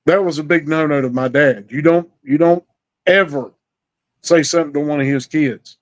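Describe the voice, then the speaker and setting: This storyteller guest, a middle-aged man, has a voice on the high side and keeps a moderate pace. His telling is drawling and folksy, complete with acted-out dialogue, captured on a dull lo-fi recording.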